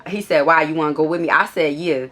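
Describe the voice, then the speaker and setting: A woman's voice: deep voice, fairly even intonation, fast, a bit bright. A woman casually telling a storytime vlog, bluntly and with plenty of swearing, reading out text messages back and forth with an exasperated, incredulous tone. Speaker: vlogger.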